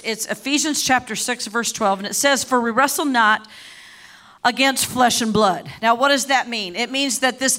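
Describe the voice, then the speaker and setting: A middle-aged woman preaching a sermon, impassioned and repeating herself often, rising to shouted declarations. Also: fairly high pitch. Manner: repeats and restarts words often.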